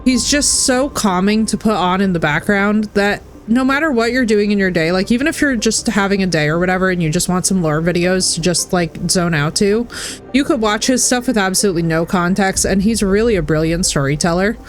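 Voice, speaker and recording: A woman in her thirties chatting casually while streaming a game, animated and talkative. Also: medium pitch, fairly quick. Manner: chatty, animated, slips into put-on voices. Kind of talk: casual chat while gaming.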